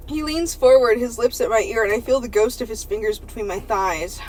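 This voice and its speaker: A woman's voice: fairly high pitch, brisk, darkish tone, slight background noise, rough recording. Giggly woman reading a racy novel aloud. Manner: reads aloud, stumbles and breaks into laughter. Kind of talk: comedic reading of an erotic novel.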